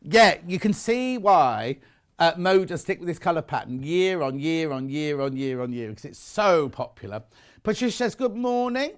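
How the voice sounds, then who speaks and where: A man with a British accent presenting on a live craft shopping show, chatting and teasing as he reads out viewer messages. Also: on the high side. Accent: British English. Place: TV studio.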